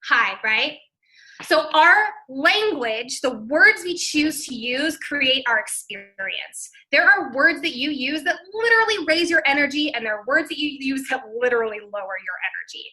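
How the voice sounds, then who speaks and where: A woman coach leading a live training seminar, talking quick and loud, close to yelling. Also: high-pitched, very animated. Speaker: life coach.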